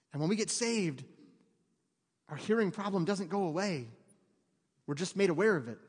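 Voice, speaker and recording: A man's voice: high voice, lively intonation, normal speed, pauses often, husky. A man in his thirties preaching a conversational sermon, mixing jokes with fervent emphasis in a church. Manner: conversational, joking asides, rising to fervent emphasis. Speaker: pastor. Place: church sanctuary. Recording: long reverb of a church hall.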